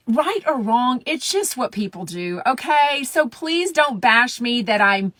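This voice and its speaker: A woman's voice: high voice, sharp tone, no echo. A woman, hosting a casual gossip podcast in a chatty, blunt, profane way, sometimes dropping to a whisper. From Texas. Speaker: podcast host.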